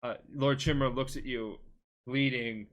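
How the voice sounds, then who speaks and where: A man's voice: mid-range voice, fairly even intonation, moderate pace, a bit bright. A tipsy man rambling through a game plot on a casual podcast, full of filler words and restarts. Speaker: podcast co-host.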